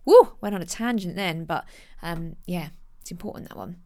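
A woman in her thirties talks through self-help tips in a loose, conversational way. She is chatty and animated and slips into little acted-out voices when she quotes people. She laughs at herself now and then. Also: on the low side, normal speed. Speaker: host giving self-help advice. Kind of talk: casual motivational talk.

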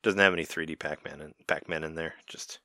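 A man co-hosting a casual podcast, giving blunt opinions with quick laughs and stammered repeats. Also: rumbling low, fairly even intonation, pushed and bright, no echo, studio quality. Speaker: podcast co-host. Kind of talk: casual chat.

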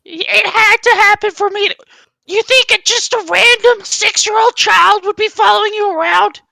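A squeaky whiny little boy. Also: steady tone, normal speed, creaky, bright, forceful tone, dry recording, heavily acted, rough recording. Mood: exasperated. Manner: exasperated, scolding. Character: whiny young boy, a six-year-old grandson. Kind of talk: improvised comedy sketch.

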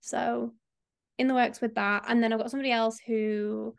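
A young woman hosts a casual podcast chat. Her voice sits a little high, and she rambles along with plenty of fillers. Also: flat delivery, normal speed, gravelly. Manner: chatty, rambling, lots of fillers. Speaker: podcast host.

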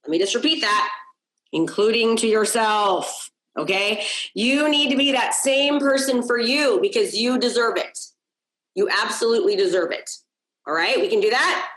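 A woman's voice: a little high, normal speed, fairly bright tone. Upbeat woman coach on an echoey call. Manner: upbeat, encouraging, repeats key points, asks "okay?". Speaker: business coach. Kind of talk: live group coaching on a video call. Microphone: video call.

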